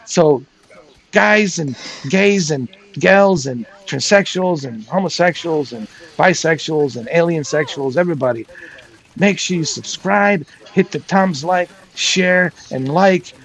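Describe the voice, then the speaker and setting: A man putting on a rambling male vlogger who unboxes a telescope and talks slowly and quietly. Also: on the high side, rough recording. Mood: slow mock. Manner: slow, drawn-out and rambling.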